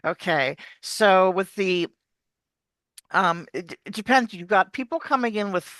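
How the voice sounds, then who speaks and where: An American accent coach with a mid-range voice explains pronunciation unhurriedly during a video call interview, with no room sound. She's animated, demonstrating the sounds as she goes.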